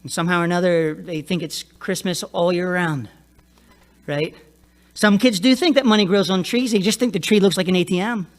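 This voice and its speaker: Man, pastor, sermon, high voice, casual and chatty, middle-aged. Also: a little fast. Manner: conversational, laughs often, frequent "right?" tag.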